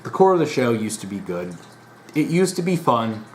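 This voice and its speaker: Casual monologue, frequent restarts, fed-up tone, middle pitch, faint noise. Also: big pitch swings, normal speed, darkish tone. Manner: rambling, frequent restarts and fillers; exasperated, disappointed. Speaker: vlogger.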